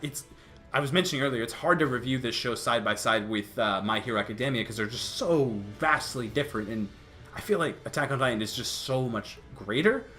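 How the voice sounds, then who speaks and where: A man's voice: medium pitch, expressive, brisk, sharp tone. This is a young man in casual chat, his voice swinging up and down as he talks. He restarts sentences often and laughs between points, with faint music playing underneath. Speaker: youtube host.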